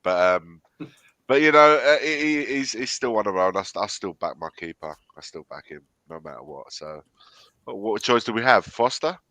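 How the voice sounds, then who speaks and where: A man's voice: fairly low pitch, expressive, moderate pace, sharp tone, no room sound. A congested man who is a regular panellist on a fan show, laid-back and laughing often. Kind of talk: casual fan chat.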